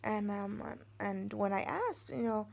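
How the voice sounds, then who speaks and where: A middle-aged woman talking to the camera at home, winding through a personal story in a loose, rambling way. Her voice has a gravelly, creaky edge at an ordinary pitch. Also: expressive, unhurried. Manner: rambling, meandering delivery. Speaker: vlogger. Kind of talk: casual storytelling.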